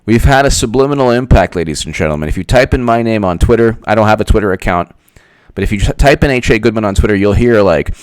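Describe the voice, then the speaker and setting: A man's voice: fairly low pitch, expressive, quick pace, clean tone, no room sound, studio quality. A man hosting a political commentary monologue, talking in a sarcastic, rambling way. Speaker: political commentator, channel host.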